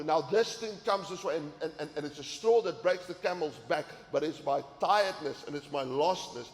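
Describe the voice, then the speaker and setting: This somewhat high-pitched male teacher speaks at a normal speed with few pauses, giving men an earnest talk in the manner of a sermon. He repeats words frequently as he presses his point, and the recording carries the echo and faint ambience of a hall.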